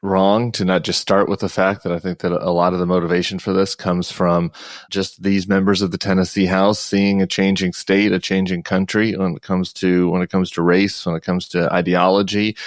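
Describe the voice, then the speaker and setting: A man speaking as a podcast guest in political commentary chat, talking fast and emphatically, often restarting sentences. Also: low voice, dry recording, clean studio sound.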